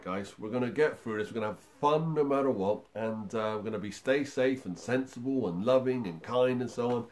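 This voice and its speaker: A man's voice: fairly low pitch, slight background noise. A man hosting a music livestream for young children, chatting in an upbeat, encouraging way with many fillers. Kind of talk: friendly livestream talk to young children and parents.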